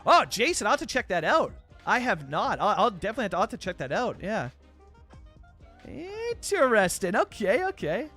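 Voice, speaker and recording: Bright high-voiced Canadian young man. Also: huge pitch swings, moderate pace, soft background music. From British Columbia, Canada. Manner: rambling and chatty, heavy with fillers, reacting to viewer chat. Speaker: streamer. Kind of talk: casual live-stream chat while playing a city-building game.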